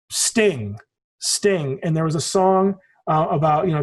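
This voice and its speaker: A man's voice: a little high, expressive, unhurried. A man in his forties, a podcast guest in casual conversation, telling rambling stories and swearing casually. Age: 40s.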